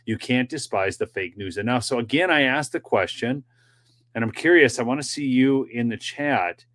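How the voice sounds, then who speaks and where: A man's voice: medium pitch, normal speed, a bit bright. A man hosting a political commentary livestream, chatting directly with his viewers in a loose, rambling way with many fillers. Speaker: political commentary show host.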